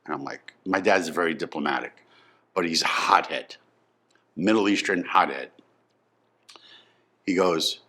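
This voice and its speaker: A man in his fifties tells a story from his own youth in a low, bright and forceful voice. He is emphatic, dropping quiet and then rising excited. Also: a little slow, pauses often. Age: 50s. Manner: emphatic, swings from subdued to excited. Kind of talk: personal storytelling.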